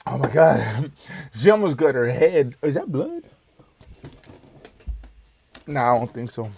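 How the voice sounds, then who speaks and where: A young man reacts to a music video in slow, unhurried speech with a lively, swooping pitch. He jokes, swears and talks straight to the screen. Loud music plays right behind his voice. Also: creaky. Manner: joking, talks back to the screen, swears freely. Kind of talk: casual reaction commentary. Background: loud song playing.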